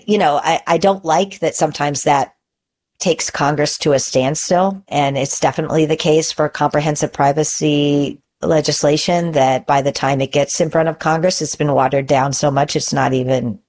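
A woman's voice: low voice, fairly even intonation, normal speed, darkish tone. A middle-aged woman answering interview questions as a guest lawyer, earnest and thoughtful with frequent fillers.

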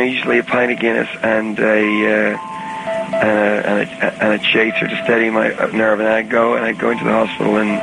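A man giving a reflective, halting interview over the phone, with many restarts and a soft-spoken manner. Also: mid-range voice, gravelly, background noise. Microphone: phone call recording. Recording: archival phone tape with music underneath.

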